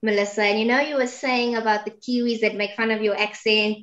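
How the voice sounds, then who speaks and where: A woman's voice: on the high side, steady tone, brisk, fairly bright tone, highs cut off. Upbeat woman hosting. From South Africa. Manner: upbeat and playful, teasing her guest. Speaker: host. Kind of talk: casual video interview.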